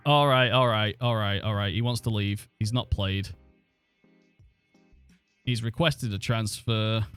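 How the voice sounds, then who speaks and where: A man's voice: mid-range voice, no echo. A man chatting and thinking aloud as he streams a football management game, swearing now and then. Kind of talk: casual live-stream commentary.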